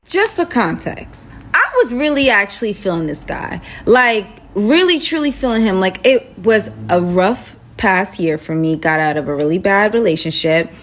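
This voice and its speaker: A young woman telling a dramatic personal story in a chatty, animated way, full of asides. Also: mid-range voice, normal speed, few pauses. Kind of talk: casual storytime monologue.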